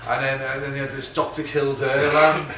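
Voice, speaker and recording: A middle-aged guest filmmaker from Liverpool, England, with a Liverpool accent, answers questions in an audience Q&A. His medium-pitched voice moves at normal speed, rambling and chatty, full of laughs and tag questions. He's recorded from a distance in an echoey room with steady background noise.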